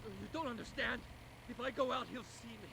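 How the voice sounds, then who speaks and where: A man's voice: very high voice, fairly quick, creaky, background noise. An actor playing a panicked male asylum patient in a video game, begging not to be taken from his cell. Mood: terrified pleading. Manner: pleading, panicked.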